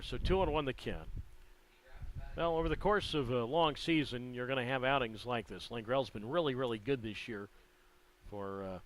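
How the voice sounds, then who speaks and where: A man calling a baseball game play-by-play, his delivery measured and conversational with the odd dry aside. His voice sits at an ordinary middle pitch. A faint hum of background noise runs under him. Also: fairly bright tone, poor audio. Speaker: play-by-play announcer.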